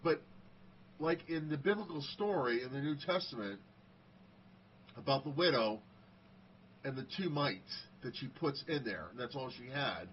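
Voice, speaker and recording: A man's voice: mid-range voice, lively intonation, a little slow, long pauses. Middle-aged man telling casual stories. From United States. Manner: conversational, acts out quoted dialogue. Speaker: speaker sharing personal stories. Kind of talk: casual storytelling monologue. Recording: slightly dull audio, faint background hiss.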